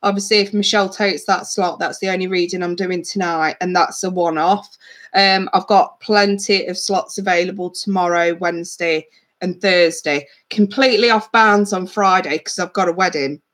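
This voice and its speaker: A woman in her thirties, a psychic reader hosting a casual livestream, chatting warmly with viewers, reading out their comments and calling them darling. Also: fairly low pitch, steady tone, normal speed. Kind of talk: casual live-stream chat with viewers.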